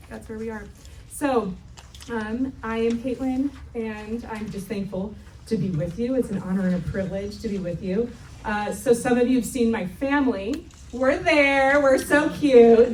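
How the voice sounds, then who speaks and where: A woman in her thirties speaks at a church retreat in a chatty, self-mocking way, laughing easily as she goes. Her voice sits a little high. The sound is roomy, with the echo of a hall, as if picked up from some distance. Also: slight background noise. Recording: echoey hall, mic from afar.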